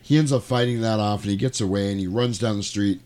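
A man's voice: on the low side, steady tone, fast, a little mellow. A man hosting a casual podcast in a home studio, retelling a movie plot animatedly with sound effects and quoted lines. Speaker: podcast host. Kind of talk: casual movie recap chat.

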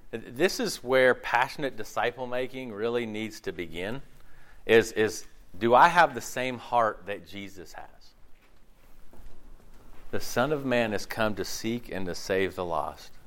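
A male pastor giving an animated, conversational sermon, peppered with rhetorical questions and mocking asides. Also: mid-range voice.

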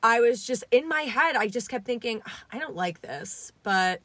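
Young woman, higher voice, animated storytelling, mimics other people, dry recording. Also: normal speed, no room sound. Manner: animated, acts out quoted voices. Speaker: guest, essay writer. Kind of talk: storytelling in a casual interview.

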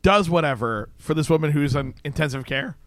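Male podcast co-host, high-voiced, animated, keeps cutting in with comments, dry close-mic. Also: fairly quick, dry recording. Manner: animated, jumps in with comments and laughs. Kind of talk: casual chat.

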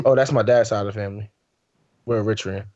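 A man's voice: fairly low pitch, fairly even intonation, fast, a little mellow, no echo, highs cut off. A man co-hosting a podcast in casual banter, laid-back and rambling, often asking "you know what I'm saying". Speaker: podcast co-host.

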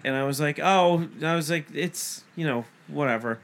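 Here the thirty-something podcast co-host's voice runs on the high side as he unhurriedly retells a story, cursing freely. He acts out both parties in the conversation during the casual chat.

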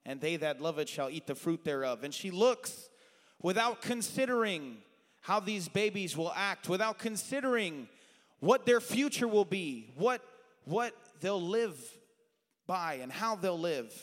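Preacher guy, higher voice, goes from shouting to quiet asides, big echoey church. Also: unhurried. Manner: animated, swings from loud shouting to quiet asides. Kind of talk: sermon. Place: church sanctuary. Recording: long hall reverb.

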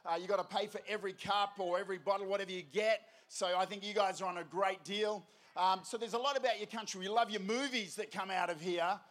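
Bright-voiced Australian man working a crowd. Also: high voice, quick pace, few pauses. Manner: energetic, jokey call-and-response, often shouting. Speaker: festival speaker. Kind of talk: stage address to a large crowd. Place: large festival stage.

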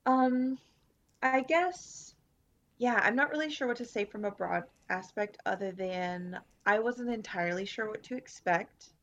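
A woman's voice: medium pitch, unhurried, fairly bright tone, dull audio. Wry, hesitant woman reviewing a film. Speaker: podcast co-host. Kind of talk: casual movie review chat.

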